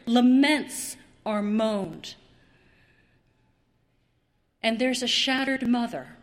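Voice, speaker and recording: A woman preacher delivers a sermon in a slow, drawn-out way, with pauses and repetition for effect. Her voice sits a bit high. It rings with the long reverb of a large hall.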